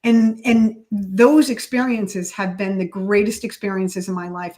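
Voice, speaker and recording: A woman's voice: mid-range voice, steady tone, a little slow, hardly any pauses, darkish tone, rough recording. A middle-aged woman speaking as a podcast guest in earnest, reflective casual conversation. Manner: earnest, reflective, spiritual in outlook.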